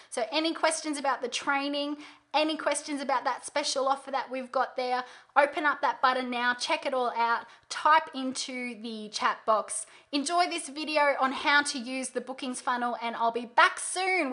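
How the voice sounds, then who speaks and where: Bright, high-voiced woman webinar trainer. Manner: emphatic, upbeat teaching with demonstrated questions. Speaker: sales trainer hosting a webinar.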